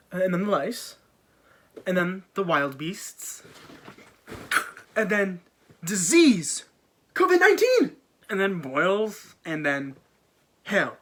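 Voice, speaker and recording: A man's voice: fairly high pitch, bright, forceful tone, a little hiss or hum. A man casually retelling an old story in a jokey, slang-filled way with offhand asides.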